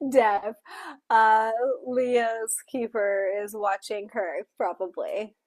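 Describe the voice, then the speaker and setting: Slow-talking woman with a dry close sound. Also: fairly high pitch, no room sound. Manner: speaks while signing, voicing for a signing co-host; halting, self-correcting storytelling. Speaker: book club co-host. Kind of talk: casual book discussion.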